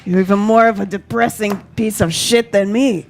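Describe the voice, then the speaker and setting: A woman's voice: mid-range voice, steady tone, normal speed, a little mellow, slight background noise, natural voice. A woman voicing a sardonic, self-deprecating female bar owner in a tabletop role-play game, speaking dryly. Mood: dry sarcastic.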